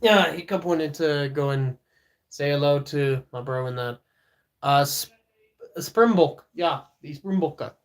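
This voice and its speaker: A man's voice: a little high, a little slow. A man, streaming live in casual chat, joking and teasing viewers as he reads their messages aloud. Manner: many fillers and restarts.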